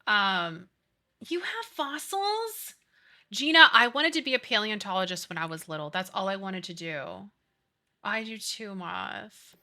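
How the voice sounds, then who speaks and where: A woman's voice: medium pitch, measured pace. A woman in her thirties streaming a life-sim game, chatting casually with her chat about childhood and movies. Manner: chatty, animated, reads chat aloud. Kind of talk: casual chat while gaming.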